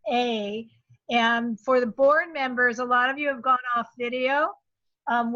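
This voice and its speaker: A woman chairing an online meeting, brisk and joking, on a dull video call line. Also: a little high, sharp tone, no room sound.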